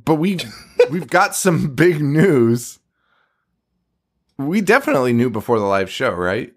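A man's voice: medium pitch, sing-song, a little slow. A young man co-hosting a podcast, chatting casually, swearing and laughing often. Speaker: podcast co-host.

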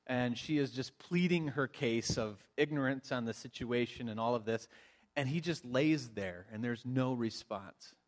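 A man preaching a sermon as pastor, telling a story in a conversational way with frequent restarts. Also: mid-range voice. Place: church sanctuary.

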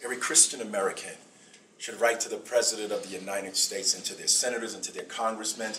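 Emphatic middle-aged preacher in an echoey hall. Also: male voice, on the low side, steady tone, pushed and bright, distant mic, a little hiss or hum. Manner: emphatic, repeats phrases, slow dramatic pauses. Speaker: bishop giving a speech. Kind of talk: preaching-style public address. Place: event hall before an audience.

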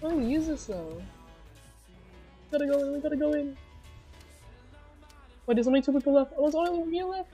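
Excitable high-voiced woman streamer. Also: normal speed, pauses often, faint music behind. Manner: excitable, shrieks and laughs at game moments. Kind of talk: live gameplay commentary.

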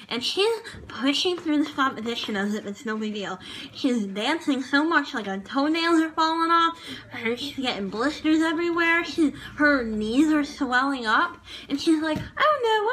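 A woman's voice: high-pitched, animated, normal speed, bright, forceful tone, slight background noise, rough recording. A woman chatting casually in a vlog review of a TV show, gushing and rambling with lots of fillers. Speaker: vlogger reviewing a TV dance show.

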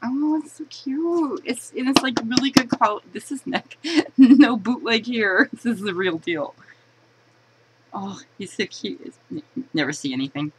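A woman's voice: mid-range voice, normal speed, slight background noise, rough recording. A woman chatting casually while unboxing a collectible, giggling and poking fun at herself. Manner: chatty, giggly, self-mocking.

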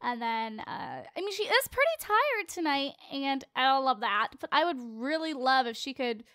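A teenage girl with a bright, high voice talks her way through a game session in a loose, chatty style. She jokes with her viewers and keeps up a playful running commentary. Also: big pitch swings, moderate pace, no echo, clean studio sound. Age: late teens. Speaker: let's play host. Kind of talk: casual gameplay commentary.

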